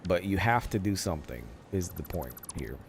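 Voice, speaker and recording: A man's voice: deep voice, lively intonation, moderate pace, vocal fry, a little hiss or hum. A man streaming a factory-building game, muttering to himself, cursing and laughing at his own mistakes. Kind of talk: casual live gameplay commentary.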